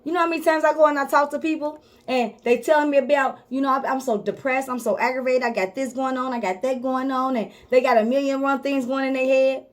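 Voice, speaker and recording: Female life coach, high-pitched, emphatic motivational delivery, repetitive and informal. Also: steady tone, fairly quick. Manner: emphatic and repetitive, drives points home; speaks directly to viewers, informal. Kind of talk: motivational talk to camera.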